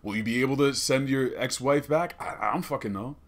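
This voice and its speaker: A young man hosting a comedy podcast, rambling and cursing in an excitable way from a small studio. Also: medium pitch, fairly quick. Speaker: podcast host. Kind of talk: casual comedic podcast rant.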